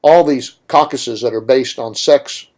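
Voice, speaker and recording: A man at mid pitch holds forth on talk radio. He speaks emphatically and with firm opinions, and he drives his points home with rhetorical questions. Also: unhurried, a little mellow. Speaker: radio show host. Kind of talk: political talk radio monologue.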